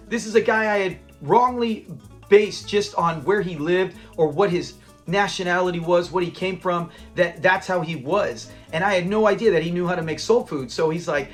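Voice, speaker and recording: A man's voice: high-pitched, a little fast, soft background music. A man hosting a casual episode breakdown, retelling scenes with quoted lines and laughing often. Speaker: show recap host.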